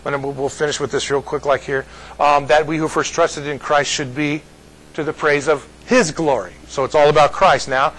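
A man's voice: on the high side, a bit bright, poor audio. A man as pastor giving conversational Bible teaching, rambling and folksy, often asking "you see?".

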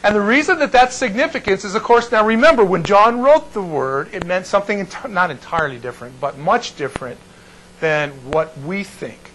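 Man teaching Bible to a small class, rambling with restarts, slightly high voice, faint noise behind. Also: lively intonation, fairly quick, fairly bright tone, low-quality recording. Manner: digressive, restarts often, checks in with the class.

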